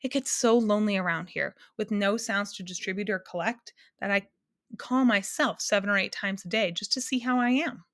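A woman voicing the Soundkeeper, a lonely, chatty woman who keeps all sounds and speaks gently and gushingly. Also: medium pitch, moderate pace, dry recording, studio quality, lightly acted.

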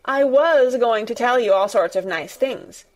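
A woman voicing a stubborn, fierce-tempered young girl who speaks in a sharp, obstinate and blunt way. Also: a little high, animated, a little slow, voice pushed up. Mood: sour.

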